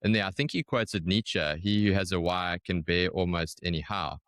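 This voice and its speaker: A man hosting a podcast, responding in a thoughtful, measured way to his guest. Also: low-pitched, fairly bright tone, dry recording, studio quality. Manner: thoughtful, measured, some restarts. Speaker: podcast host. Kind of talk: reflective interview talk.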